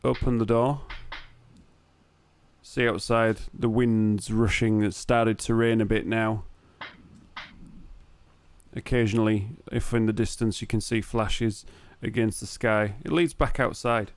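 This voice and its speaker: A Northern English man runs a tabletop game as dungeon master, taking his time over each scene and pausing with fillers. His voice is smooth and clear. The sound is dry and close, with no room echo. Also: lowish voice, fairly even intonation. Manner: unhurried, describes scenes with pauses and fillers.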